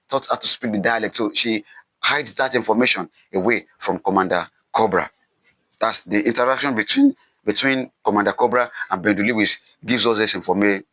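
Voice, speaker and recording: A man's voice: mid-range voice, normal speed, bright, forceful tone, no room sound, rough recording. A man teaching a recorded literature lesson, repeating key points with emphasis and answering his own questions. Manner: repetitive, emphatic, asks questions and answers them himself.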